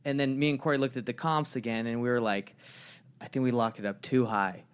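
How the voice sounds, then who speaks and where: A man's voice: medium pitch, fairly even intonation, fairly quick, clear, resonant tone. A young man co-hosting a podcast, telling a long story in a loose, rambling way and acting out the people in it. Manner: rambling storyteller who acts out the people in his anecdotes. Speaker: podcast co-host. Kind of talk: casual podcast conversation.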